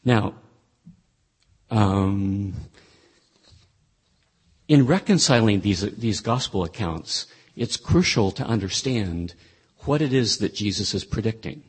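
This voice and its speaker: Low, husky-voiced man teaching scripture. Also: lively intonation, slow, pauses often. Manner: thoughtful, conversational, with frequent restarts. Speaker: Bible teacher. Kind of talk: explaining a scripture passage.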